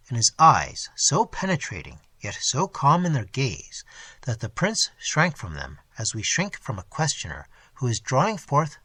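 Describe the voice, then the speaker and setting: A man narrating a classic novel as an audiobook, in an expressive, dramatic reading on a close mic. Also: mid-range voice, breathy edge, no echo.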